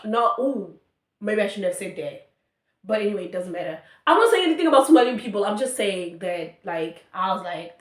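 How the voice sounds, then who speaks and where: A young South African woman telling a story in a chatty, animated way, full of fillers. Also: mid-range voice, brisk, echoey room. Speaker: YouTuber. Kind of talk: storytime vlog.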